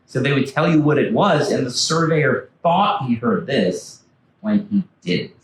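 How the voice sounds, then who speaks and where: With a mid-range voice and a little hiss or hum on the recording, a man presents a storytelling slide talk in a library meeting room, captured distantly in an echoey space. He's an author and former backcountry ranger who acts out the historical figures he quotes.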